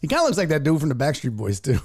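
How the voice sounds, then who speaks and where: Young guy streamer, high voice that jumps all over, cussing and acting out his stories, just chatting with chat. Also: rapid-fire, a little hiss or hum. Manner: animated storytelling with profanity and acted-out voices. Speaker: streaming show host. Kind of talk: casual live-stream chat.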